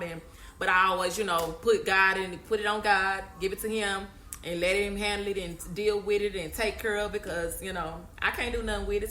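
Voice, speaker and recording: A woman's voice: mid-range voice, sharp tone, roomy sound, a little hiss or hum. A woman hosting a podcast, giving a conversational, preachy faith talk straight to her listeners. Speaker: podcast host.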